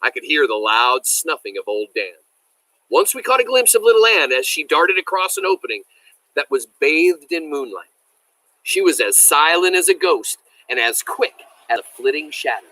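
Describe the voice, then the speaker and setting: A man reading a novel aloud as a teacher, animated and enthusiastic, stopping to explain words to his listeners. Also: fairly high pitch, moderate pace, dry recording, low-quality recording.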